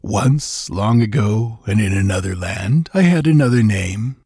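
A man's voice: lowish voice, animated, measured pace, mellow, slightly rough, dry recording, clean studio sound. A man voicing a huge, arrogant temple brute who speaks mockingly in a storybook reading. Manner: mocking, laughing.

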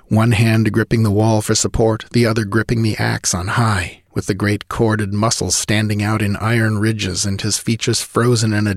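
Low-voiced man narrating an audiobook. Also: no room sound, clean studio sound. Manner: vivid, driving storytelling.

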